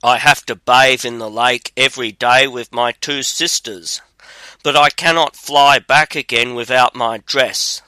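A man's voice: medium pitch, fairly even intonation, measured pace, bright, forceful tone, no echo, rough recording. A man reading the lines of a frightened young king's daughter under a witch's spell. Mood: pleading.

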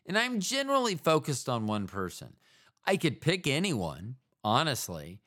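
A man hosting a podcast in the United States talks at a normal speed in a medium-pitched, sing-song, fairly bright voice. His monologue is casual and meandering, self-mocking, and prone to trailing off into asides.

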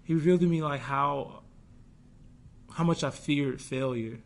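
A man's voice: a little high, measured pace. A young man, a guest in an interview, talking earnestly and reflectively about a hard stretch of his career, with many restarts and quoted inner thoughts. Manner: acts out his own past thoughts in quoted asides. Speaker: guest, pro football player. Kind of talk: candid conversational interview.

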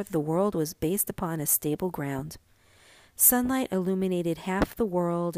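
Woman narrating a storybook, slow and measured, mid pitch, dry close sound. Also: a little mellow, no room sound. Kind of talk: storybook reading.

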